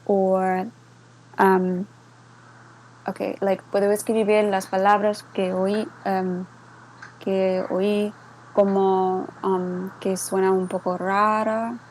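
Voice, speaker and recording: Her medium-pitched voice moves slowly as she, a server moderator, walks listeners through a bot on screen share, mixing Spanish with English. She's relaxed, uses lots of fillers and checks in often with "okay?", and the low-quality recording carries a little hiss or hum.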